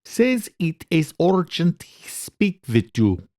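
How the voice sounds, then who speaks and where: A man voicing a worried female assistant who announces a caller, speaking slowly and carefully. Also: a little high, sing-song, warm tone, pitched above the performer's own voice. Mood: anxious.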